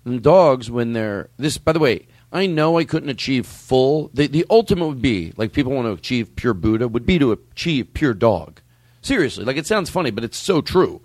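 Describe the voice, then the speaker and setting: A man hosting a comedy chat, rambling and animated as he works out a bit, with bursts of laughter. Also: medium pitch, moderate pace, no echo. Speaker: comedian host.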